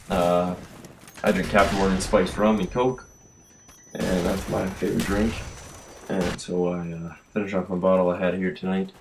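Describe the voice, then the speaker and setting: A tired, tipsy young man rambling through casual game commentary, trailing off and yawning late at night, recorded on a built-in computer mic. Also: sits low. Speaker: gaming commentator. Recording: faint hiss from a built-in mic. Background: game gunfire.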